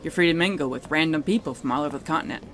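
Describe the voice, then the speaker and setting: A man's voice: a little high, racing, fairly bright tone, faint music behind. A man narrating a tabletop game as game master, casual and rambling, swearing freely.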